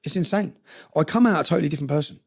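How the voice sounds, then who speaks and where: A man's voice: fairly high pitch, racing, creaky, a little mellow, husky. A man telling a story intensely in an interview, often checking in with "yeah?" and acting out what others said. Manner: recounting with quoted dialogue. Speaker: interview guest.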